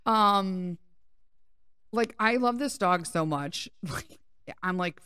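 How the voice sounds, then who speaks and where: A woman podcast host telling a story in casual chat, animated and full of swearing. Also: fairly low pitch, unhurried, smooth, no echo. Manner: profane, animated, laughing.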